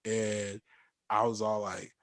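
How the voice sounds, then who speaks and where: Animated young man telling stories. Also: fairly low pitch, slow pace, no room sound. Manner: animated storyteller, acts out quotes, laughs often. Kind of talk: casual chat.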